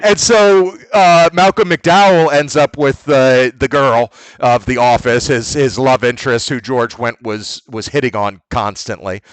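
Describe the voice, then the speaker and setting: A man's voice: medium pitch, steady tone, no room sound. Male podcast co-host, rambling retellings, dry booth sound. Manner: rambling storyteller, retells scenes with quick impressions. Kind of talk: casual chat.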